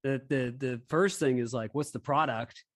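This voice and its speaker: A man's voice: mid-range voice, normal speed. A man in casual podcast chat, rambling and restarting his sentences. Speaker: podcast guest.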